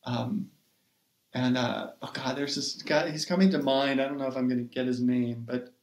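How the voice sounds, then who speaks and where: A man in the middle of his range tells a story in a reflective, earnest way, often pausing with "um" and "like." His voice sits in a roomy space with a clear echo around it. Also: medium pitch, fairly even intonation. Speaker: podcast guest, poet and writing coach. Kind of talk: conversational personal storytelling.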